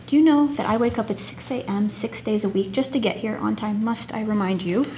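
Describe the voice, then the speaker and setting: A student actress playing a tired, exasperated airline gate agent who firmly refuses a passenger. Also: female voice, medium pitch, brisk, muffled recording, slight background noise, lightly acted. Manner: firm, exasperated.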